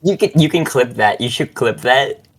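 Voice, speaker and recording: A man's voice: mid-range voice, lively intonation, moderate pace. A man casually reading a story aloud to a friend on a voice call, stumbling over words and breaking into laughs. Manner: giggly, reads with frequent laughing breaks and stumbles. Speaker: co-host reading a fanfic aloud.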